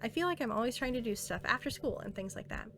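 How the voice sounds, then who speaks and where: A woman's voice: on the high side, animated, fast, vocal fry, a little hiss or hum. Monika, a woman reading as a clingy girl. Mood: tender. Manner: earnest, intimate, softly pleading. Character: self-aware teenage girl game character, clingy and devoted. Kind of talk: reading game dialogue aloud.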